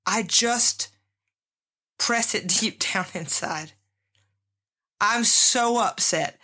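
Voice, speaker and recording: A middle-aged woman hosts a podcast, sharing a personal story candidly and emotionally while addressing her listeners directly. She speaks very slowly at a medium pitch, in a bright, forceful tone.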